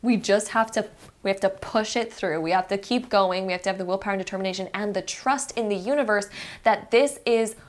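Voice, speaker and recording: A woman's voice: mid-range voice, fast. A young woman giving a pick-a-card tarot reading in a chatty, encouraging way, speaking straight to the viewer. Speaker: tarot reader.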